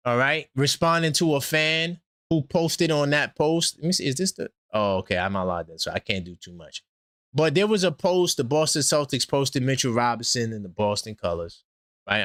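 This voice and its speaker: A man hosting a casual sports fan stream, talking animatedly and trash-talking, swinging between loud outbursts and low asides. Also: no room sound, studio quality. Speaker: sports channel host.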